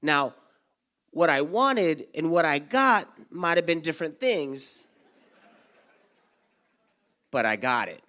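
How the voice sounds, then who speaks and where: A young man performing a stand-up comedy set for a live audience at a community event, doing lively crowd work and acting out his parents and friends. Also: on the high side, slow, pauses often.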